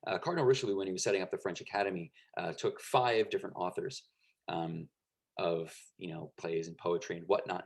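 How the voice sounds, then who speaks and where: A man's voice: deep voice, fairly even intonation, brisk, creaky, slightly rough. A man teaching a lecture in a conversational way, with frequent fillers and checks for understanding.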